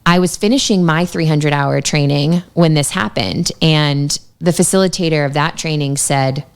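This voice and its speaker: A woman's voice: low-pitched, moderate pace, clean tone. A young woman telling stories in a chatty way, with lots of fillers, as a guest in a podcast studio. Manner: chatty storytelling, many fillers. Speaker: yoga teacher and guest. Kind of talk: casual podcast interview.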